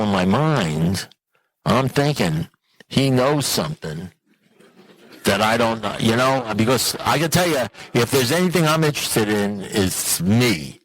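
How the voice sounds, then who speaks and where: A man telling a humorous personal recovery story to an audience in an animated, self-mocking way, often turning to the listeners with questions. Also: poor audio. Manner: animated, self-mocking, with sudden jumps in pitch; conversational, asks the audience questions. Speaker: recovery meeting speaker.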